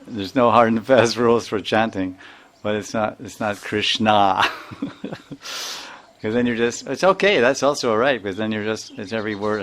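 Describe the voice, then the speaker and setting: A man's voice: on the low side, a bit bright. An older man giving an informal spiritual talk, chuckling often and repeating words as he sounds them out. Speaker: spiritual teacher.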